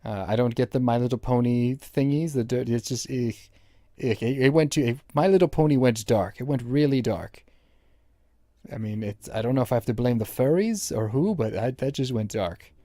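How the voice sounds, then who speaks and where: A man's voice: mid-range voice, normal speed, mellow, no room sound, studio quality. A young man giving rambling, crude running commentary while playing a game, mocking the characters with joking insults. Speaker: gameplay commentator.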